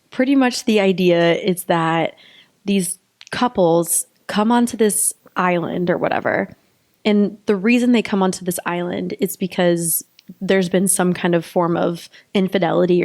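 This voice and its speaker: A woman's voice: lowish voice, creaky, darkish tone. A young woman co-hosting a podcast, chatting casually with lots of fillers and giggles. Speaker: podcast co-host, pelvic physical therapist. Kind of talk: casual chat.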